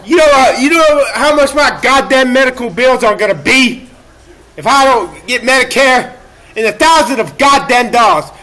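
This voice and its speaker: Broadcasting live from a laundromat, a man with a very high voice rants erratically, swearing and pitying himself, with occasional shouted outbursts.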